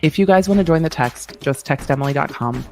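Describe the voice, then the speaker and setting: A woman's voice: low voice, brisk, a little mellow, a little hiss or hum. Chatty woman lawyer hosting a livestream. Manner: chatty, rambling, playful, pleading asides to viewers. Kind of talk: casual livestream chat.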